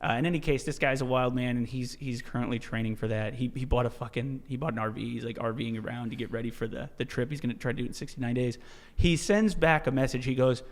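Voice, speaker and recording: A man telling a story as a podcast guest, in a casual, animated way, swearing freely and restarting his sentences often. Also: medium pitch, quick pace. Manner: animated, profane, many restarts and "dude". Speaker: podcast guest, ultra-marathon runner.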